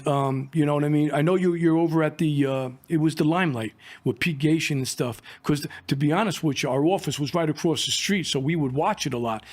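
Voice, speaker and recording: A middle-aged man, telling rambling, profane stories from his years as an undercover agent and acting out the dialogue. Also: a little high. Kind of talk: casual storytelling.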